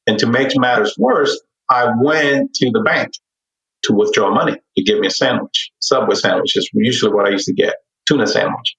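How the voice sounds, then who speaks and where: A middle-aged man telling his own story as a podcast guest, earnest and candid, animated as he relives it. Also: medium pitch, moderate pace, gravelly. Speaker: podcast guest, real estate investor. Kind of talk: personal storytelling in a podcast interview. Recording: dull, roomy sound, distant from mic.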